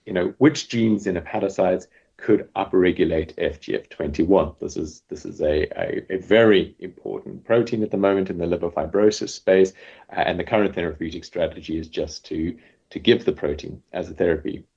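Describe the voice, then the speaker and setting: A very deep, husky-voiced man explains technical ideas as an interview guest. The sound is a little dull and muffled. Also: fairly quick, a little mellow. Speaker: biotech company CEO, guest. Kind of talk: podcast interview answer.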